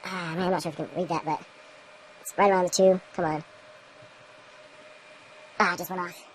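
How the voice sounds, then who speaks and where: Brisk, low-voiced woman for a casual hands-on vlog, thinking out loud and grumbling at equipment. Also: steady tone, poor audio. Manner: rambling, talks to camera while working, mutters at equipment. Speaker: home grower demonstrating light readings.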